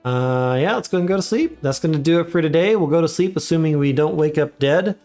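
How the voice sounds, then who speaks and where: A man giving relaxed, chatty commentary while live streaming a game. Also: a little high, fairly quick, faint music behind. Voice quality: relaxed, chatty, laughs often.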